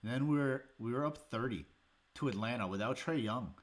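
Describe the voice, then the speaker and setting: A man's voice: medium pitch, normal speed. A man hosting a sports show, breaking down a game in a heated, exasperated rant with sarcastic jabs. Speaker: sports podcast host.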